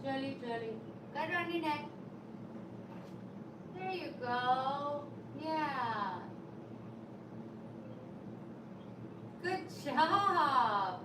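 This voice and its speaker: Woman at home, soft cooing pet talk, slow and gentle, noisy home recording. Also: high voice, animated, reverberant, distant mic. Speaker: pet owner. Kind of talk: baby talk to pets. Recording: background noise.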